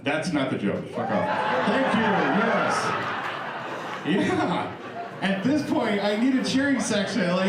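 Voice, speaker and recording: A man's voice: high-pitched, sing-song, a little slow, far from the mic, very noisy. A middle-aged man doing a profane, chatty stand-up comedy set with crowd work, on a club stage mic. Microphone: stage microphone. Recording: roomy live stage recording. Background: audience laughter.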